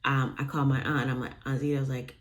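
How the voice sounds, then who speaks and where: A woman's voice: very deep voice, flat delivery, fast. A young woman casually telling a personal story, rambling with lots of fillers and restarts, sometimes dropping to a near-whisper on asides.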